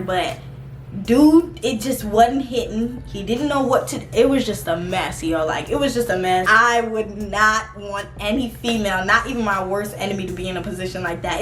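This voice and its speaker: A woman's voice: mid-range voice, fairly bright tone, far from the mic, a little hiss or hum. A young woman telling a personal storytime in a casual, blunt and profane way, laughing as she goes. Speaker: vlogger. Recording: roomy sound from off the mic with faint music.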